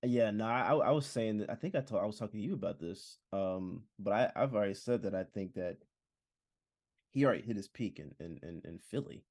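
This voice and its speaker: A man's voice: lowish voice, animated, fairly quick, darkish tone, no echo, clean studio sound. A man co-hosting a sports podcast, laid-back and agreeable, talking casually. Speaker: podcast co-host.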